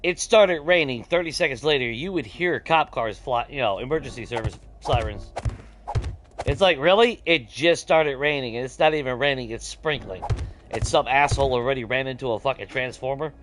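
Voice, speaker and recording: This streamer's mid-range voice moves at a normal speed, with slight hiss or hum behind it. Playing while he talks, he launches into a casual, swear-filled, animated rant and laughs as he goes.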